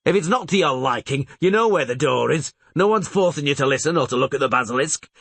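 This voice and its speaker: A man's voice: on the high side, lively intonation, fast, creaky, a bit bright, no room sound, pitched above the performer's own voice, heavily acted. A man reading an audiobook and voicing a pockmarked fairground showman who blusters and wheedles at the crowd. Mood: irritated, mocking.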